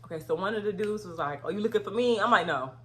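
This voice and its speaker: Animated woman telling a storytime. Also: medium pitch, quick pace. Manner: animated, swings into loud outraged retellings. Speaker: vlogger. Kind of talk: casual storytime.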